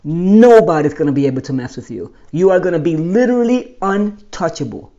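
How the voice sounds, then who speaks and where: A man casually telling his own life story as host, animated and explaining step by step. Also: fairly high pitch, a little fast, few pauses, muffled recording. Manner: animated, explains with pointing and numbering.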